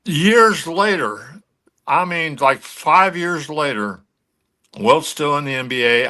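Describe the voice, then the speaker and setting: An older man, a former pro athlete, telling anecdotes as a guest on a sports talk show, animated and full of restarts. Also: medium pitch.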